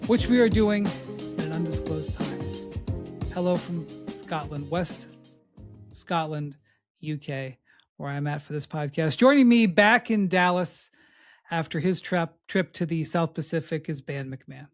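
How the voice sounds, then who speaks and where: A man hosting a podcast remotely from abroad, telling a story in a casual, animated way and acting out what others said. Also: a little high, measured pace, music in the background. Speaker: podcast host.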